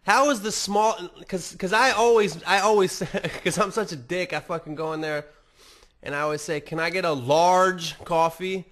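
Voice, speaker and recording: This podcast host from the United States has a high-sitting, fairly bright voice at normal speed. He rambles casually, curses a lot, and mocks himself throughout a loose monologue.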